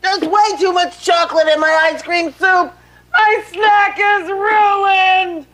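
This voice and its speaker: A man voicing a whiny, childlike high-pitched man in a comedy sketch, shrieking and squealing. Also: steady tone, takes it slowly, noisy background. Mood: wailing. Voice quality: shrill, squealing. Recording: loud music under the voice.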